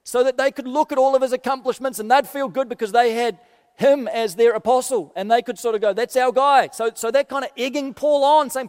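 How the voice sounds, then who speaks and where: Man, pastor, sermon, high voice, animated delivery, long hall reverb. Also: a little fast, clear, resonant tone. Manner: animated, acts out quoted voices, dry asides.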